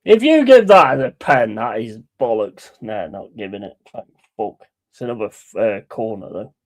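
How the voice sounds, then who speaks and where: A man hosting a football watch-along, calling play-by-play in a blunt, excitable and heavily sweary way. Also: fairly low pitch, moderate pace. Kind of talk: live match commentary.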